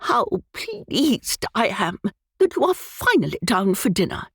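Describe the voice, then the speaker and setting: A tart, sharp-tongued elderly lady of the manor, put on by a woman reading a storybook. She speaks higher than her reader's own voice, unhurried and cutting, with a breathy edge in a dry, close recording. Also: huge pitch swings, dry recording, heavily acted.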